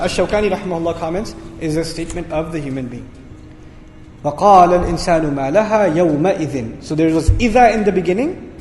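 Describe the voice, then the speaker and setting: Fast-talking high-voiced male lecturer. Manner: energetic explaining, repeats key words. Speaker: Quran teacher. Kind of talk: lecture on Quranic word meanings. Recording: echoey hall reverb.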